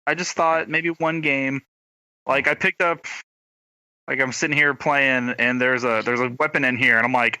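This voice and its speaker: A man's voice: medium pitch, steady tone, normal speed, sharp tone, clear, resonant tone, no echo, rough recording. A young man chatting casually as a podcast co-host, rambling with lots of fillers, talking through a gaming headset. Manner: rambling, self-deprecating, trailing off with fillers. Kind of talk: casual chat.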